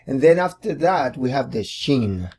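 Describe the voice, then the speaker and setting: Slow, gravelly man teaching drawing. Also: medium pitch, big pitch swings, darkish tone. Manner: unhurried, thinking aloud while drawing, repeats words. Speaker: art tutorial host. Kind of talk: casual drawing tutorial.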